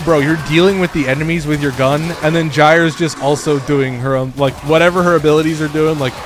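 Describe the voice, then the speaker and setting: A man's voice: on the high side, fairly even intonation, a little fast, background noise. A man streaming a game, talking casually with lots of fillers and restarts. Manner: rambling, full of fillers and restarts. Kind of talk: casual gameplay commentary.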